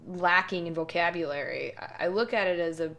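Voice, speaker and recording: A woman with a lowish, gravelly voice, speaking as a guest in a casual podcast chat. She explains her views in an articulate, opinionated way. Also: brisk, a bit bright, highs cut off. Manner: opinionated, articulate, laughs easily. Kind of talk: casual conversation.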